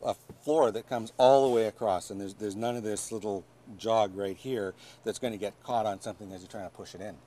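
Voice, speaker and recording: A man's voice: fairly low pitch, fairly even intonation, a little fast, few pauses, warm tone. A man with a Canadian accent co-hosting a car review, explaining practical features with dry quips. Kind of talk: casual banter reviewing a vehicle.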